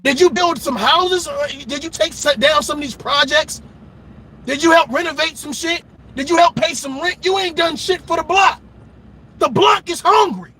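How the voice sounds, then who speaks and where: A man's voice: very high voice, moderate pace, sharp tone. A man hosting a reaction channel, delivering an impassioned, profane, preachy rant. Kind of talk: ranting commentary.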